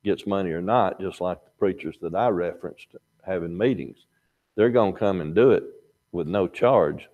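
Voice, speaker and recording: A man's voice: low voice, dark tone, highs cut off. An older man teaching a Sunday morning Bible class in a folksy, conversational way. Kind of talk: Sunday school lesson.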